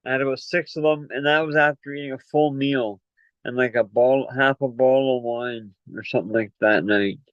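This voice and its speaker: A man's voice: mid-range voice, steady tone, fairly quick, no echo. A man hosting a casual livestream, chatty and rambling, out of breath from running up and down stairs. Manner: rambling, chatty, plugging merch. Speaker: livestream host. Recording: dull lo-fi call audio.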